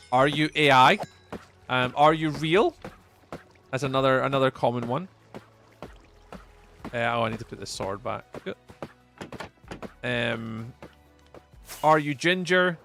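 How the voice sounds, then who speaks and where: Chatty Scottish young man, gravelly voice. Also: mid-range voice, bright, forceful tone. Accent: Scottish, Edinburgh area. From Scotland. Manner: chatty, reads chat aloud, repeats phrases. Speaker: livestreamer. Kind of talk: casual live-stream chat while playing.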